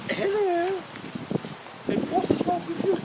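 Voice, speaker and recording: A man voicing a prim elderly queen in a high, posh, sing-song voice. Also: little pitch movement, takes it slowly, far from the mic. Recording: noisy room.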